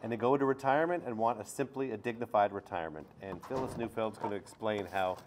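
A man's voice: fairly low pitch, quick pace, slight background noise. A man moderating a briefing, introducing speakers in an earnest way with some restarts.

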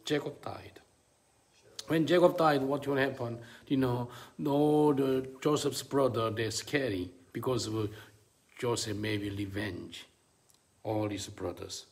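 A male preacher giving a sermon in halting, non-native English full of fillers. He drops to low murmurs, then climbs into high, ringing bursts of emphasis. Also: vocal fry.

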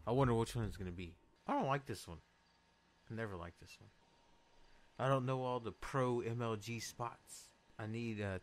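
A young man giving casual, excitable commentary over his own gameplay, swearing and bursting into loud outbursts. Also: on the low side, a little hiss or hum. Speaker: gameplay video host.

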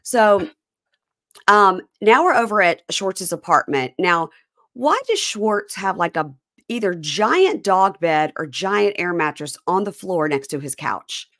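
A woman's voice: medium pitch, expressive, a little slow, a bit bright, dry recording, clean studio sound. A woman hosting a podcast in casual chat, wry, often quoting people in put-on voices. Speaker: podcast host.

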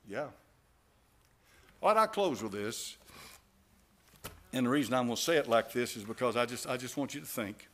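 A man preaching a sermon as pastor, repeating phrases for emphasis and swinging between hushed asides and loud, fervent calls. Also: mid-range voice, animated, normal speed, pauses often.

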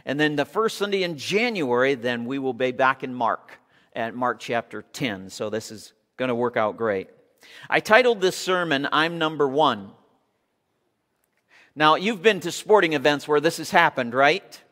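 Pastor preaching in a reverberant church. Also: male voice, mid-range voice, animated, moderate pace, fairly bright tone. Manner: leads congregation in call-and-response cheers. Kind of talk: sermon. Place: church sanctuary. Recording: long reverb of a church hall.

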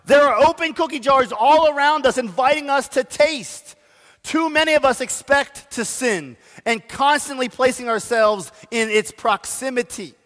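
A man's voice: extremely high pitch, moderate pace, fairly bright tone. A man preaching a sermon as pastor, telling stories with self-deprecating asides and urging the congregation. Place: church sanctuary. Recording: long church hall reverb.

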